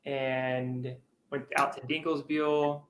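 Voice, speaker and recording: A man's voice: medium pitch, flat delivery, fairly bright tone, highs cut off, slight background noise. Hesitant Texan man in an echoey room. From Texas, USA. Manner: hesitant, halting. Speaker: guest. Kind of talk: casual interview chat.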